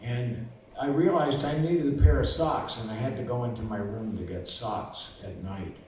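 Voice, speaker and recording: A man's voice: medium pitch, normal speed, darkish tone. A man in his seventies, a lawyer, telling casual stories in a rambling way, full of fillers and restarts. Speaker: lawyer and guest. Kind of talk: casual storytelling. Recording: roomy distant recording with faint noise.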